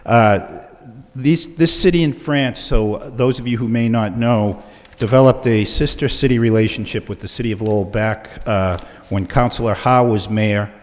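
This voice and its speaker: A man's voice: lowish voice, a little mellow. Man chairing a council meeting, reverberant. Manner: measured, with frequent uh fillers. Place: council chamber. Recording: reverberant chamber on meeting mics.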